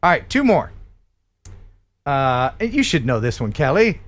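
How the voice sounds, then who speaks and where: Lively American man hosting a quiz. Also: a little high, measured pace. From United States. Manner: lively, laughing quizmaster. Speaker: host. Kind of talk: live-stream quiz chat.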